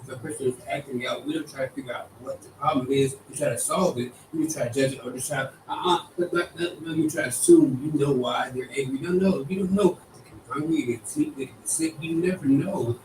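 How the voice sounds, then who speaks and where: A man's voice: medium pitch, quick pace, hardly any pauses, darkish tone. Earnest man heard from across a room. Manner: earnest, thinking aloud with restarts. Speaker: group participant. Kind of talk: casual discussion. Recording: distant roomy mic with faint noise.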